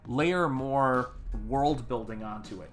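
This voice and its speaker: A man's voice: medium pitch, takes it slowly, soft background music. A man from America hosting a casual art livestream, rambling and chatty as he greets viewers in the chat. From United States. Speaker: artist livestream host.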